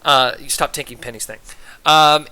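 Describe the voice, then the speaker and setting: Bright-voiced male game master. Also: mid-range voice, moderate pace, clean tone. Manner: loose, filler-heavy scene description. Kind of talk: narrating a tabletop game.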